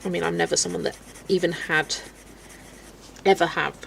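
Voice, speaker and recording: A low, gravelly, steady-toned voice at normal speed belongs to a Wiltshire-accented woman from Southwest England, with slight background noise present. Chatting casually on her colouring live stream, she makes light of herself and laughs often while replying to chat.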